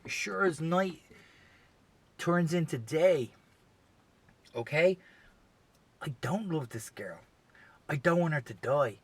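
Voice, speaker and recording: A man's voice: on the high side, lively intonation, takes it slowly, pauses often, breathy edge. A man hosting a podcast, telling a long comedic story in a rambling, profane way full of "you know" asides. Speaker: podcast host.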